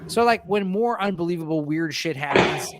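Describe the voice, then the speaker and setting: A man's voice: on the high side, animated, moderate pace, over loud music. A man in casual podcast chat, retelling a show with plenty of swearing and put-on voices. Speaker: podcast co-host.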